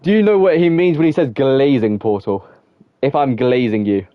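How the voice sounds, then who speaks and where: A young male gaming streamer rambles on in loose, casual chat, stringing thoughts together with "like" and chuckling as he goes. His voice sits at an ordinary male pitch. The sound is dry and a little dull, like a modest home mic with no room around it. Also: normal speed, no room sound. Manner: rambling and chatty, full of "like", laughs often. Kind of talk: casual live-stream chat while playing.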